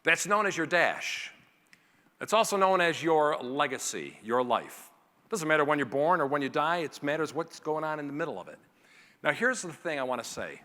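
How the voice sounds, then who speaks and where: A man delivers a motivational keynote to a conference crowd. His high voice swings widely and sounds bright and forceful. It rings through a large hall with a long reverb tail. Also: normal speed. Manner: animated, acts out family scenes in character voices. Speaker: keynote speaker.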